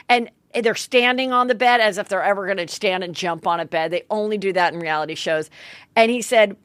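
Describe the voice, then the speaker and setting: A woman's voice: mid-range voice, a little fast, fairly bright tone, clean tone, no echo. A woman podcast host doing a chatty, gossipy comedic recap and acting out quotes.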